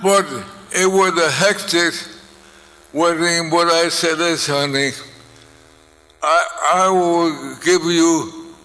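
An older man telling personal stories to an audience, speaking slowly with halting restarts. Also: a little high, steady tone, pushed and bright, a little hiss or hum. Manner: slow, halting delivery with restarts. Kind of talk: storytelling speech. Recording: long reverb of a large hall.

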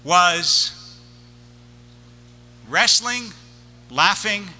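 Bright-voiced rabbi preaching with wry humor. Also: male voice, a little high, big pitch swings, slow, pauses often, big-room sound. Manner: humorous storytelling, wry comic timing. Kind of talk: sermon.

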